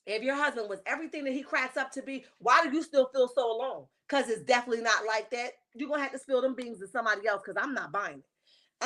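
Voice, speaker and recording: A woman's voice: a little high, fairly bright tone. Sassy woman gossiping on a livestream. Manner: sassy, emphatic, chatty, reads viewer comments aloud. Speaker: livestream host. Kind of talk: casual reality-TV gossip livestream.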